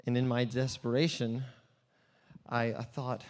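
A man playing a blind beggar tells his story in a slow, earnest monologue. His mid-pitched voice drops to a hush, then swells loud, and the church hall rings with a long reverb behind him. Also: flat delivery, close to an everyday voice. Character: blind male beggar, adult, earnest and desperate. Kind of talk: dramatic first-person monologue.

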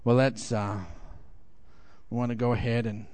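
A middle-aged man preaching a sermon, telling a lively personal story and swinging high for the quoted voices. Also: moderate pace, clean tone, no echo. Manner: animated storytelling, rising high for acted quotes. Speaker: pastor.

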